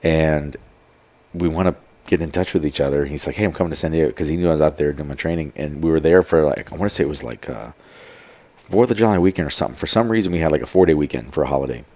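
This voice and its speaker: A man's voice: extremely low pitch, quick pace, a little mellow. A man telling stories as a podcast guest, in a rambling casual way full of fillers and quoted asides. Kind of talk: casual storytelling.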